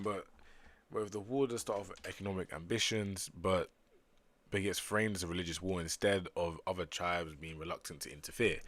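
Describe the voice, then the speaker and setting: Deep-voiced man reading comics aloud. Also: a bit bright. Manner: reads panels aloud with quick reactive commentary. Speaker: streamer reading manga aloud. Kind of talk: casual reading stream.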